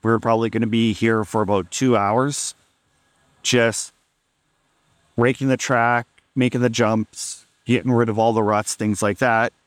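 A man's voice: mid-range voice, steady tone, unhurried, no room sound. A man casually telling a funny story on a podcast, amused and laid-back, acting out what people said.

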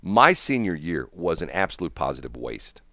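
A man's voice: deep voice, very animated, normal speed, sharp tone, no room sound, clean studio sound. An older man chatting casually over a call, telling a long rambling story and laughing often. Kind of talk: casual chat.

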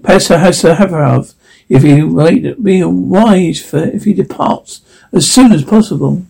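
A man voicing an ancient, mysterious monastery master, reading in a solemn, measured way. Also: a little high, vocal fry, darkish tone, slightly rough, heavily acted, low-quality recording.

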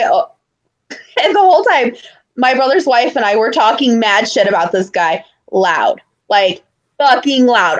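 A young woman co-hosting a casual chat, telling stories with lively, acted-out quotes. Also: fairly high pitch. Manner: animated storyteller who acts out loud quotes. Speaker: podcast co-host.

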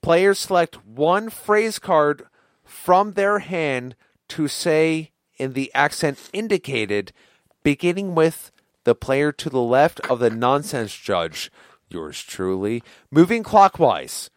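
A man's voice: fairly high pitch, very animated, slow pace, no echo, studio quality. Tipsy man reading game rules. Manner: reads game rules aloud, laughing, slurred banter. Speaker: podcast co-host, game judge. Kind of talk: drunk casual chat.

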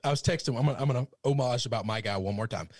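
A man's voice: mid-range voice, rapid-fire, no echo, clean studio sound. A man co-hosting a casual sports talk show, telling stories with animation and acting out quotes. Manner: animated storyteller, acts out quotes. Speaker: podcast co-host.

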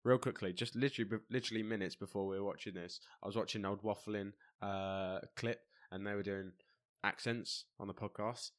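A man's voice: fairly low pitch, fairly even intonation, fairly quick. A young English man co-hosting a podcast, ranting in blunt, jokey banter. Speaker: podcast co-host. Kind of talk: casual banter.

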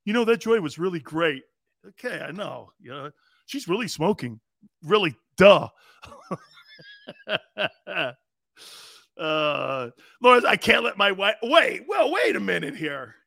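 A middle-aged man hosting a sports talk radio show, loud and joking, laughing often as he rambles. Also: high-pitched, sing-song, takes it slowly, gravelly, long pauses, no room sound, studio quality.

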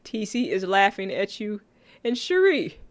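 A woman's voice: medium pitch, very animated, measured pace, no echo. A woman co-hosting a casual chat, talking easily, laughing often and reading out comments from the chat. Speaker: co-host of a sitcom recap stream. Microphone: own mic.

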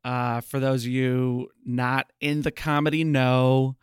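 A man's voice: mid-range voice, flat delivery, slow, clear, resonant tone, no room sound, studio quality. A man co-hosting a podcast, chatting casually with jokes and rambling tangents. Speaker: podcast co-host. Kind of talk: casual chat.

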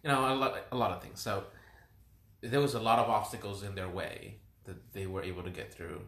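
A young man with a somewhat low voice talks through his thoughts in a slow, reflective way, halting and restarting his sentences. His voice carries the echo of a roomy space around him. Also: steady tone, fairly bright tone. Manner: reflective, hesitant, many restarts. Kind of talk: casual conversation. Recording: roomy echoing room.

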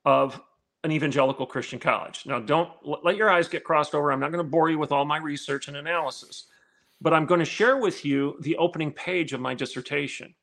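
Man, podcast guest, emphatic storyteller, rhetorical questions, fairly high voice. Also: fairly quick, gravelly, a bit bright. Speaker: guest, former college dean and academic.

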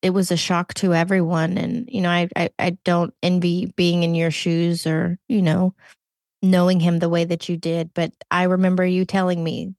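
A woman co-hosting a podcast speaks in a supportive, earnest way. Her voice sits on the low side for a woman, and the recording is dry and close. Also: flat delivery, moderate pace, a little mellow, dry recording. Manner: supportive, chiming in with agreement. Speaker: podcast co-host. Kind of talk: casual podcast conversation.

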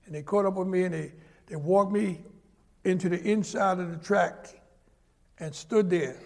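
Speaking at a moderate clip, an older New Yorker tells the story of his life to an interviewer. He has a high, raspy, gravelly voice and brings his stories alive by imitating the people in them.

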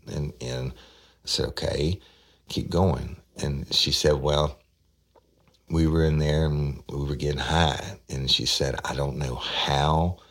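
Very deep gravelly man. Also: sharp tone. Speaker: podcast host telling a true story. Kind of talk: casual storytelling.

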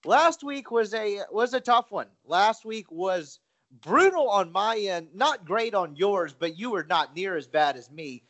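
A man's voice: high-pitched, expressive, unhurried, fairly bright tone. A man co-hosting a sports betting podcast in casual, self-deprecating, rambling chat. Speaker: podcast co-host.

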